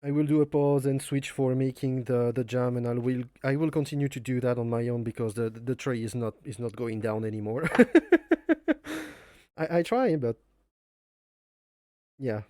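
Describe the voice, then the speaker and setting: In his home kitchen, a French man hosts a cooking live stream, speaking non-native English with a nasal French accent. His warm, medium-pitched voice is steady and moderately paced with no echo, and he rambles along, joking at his own expense and chuckling frequently.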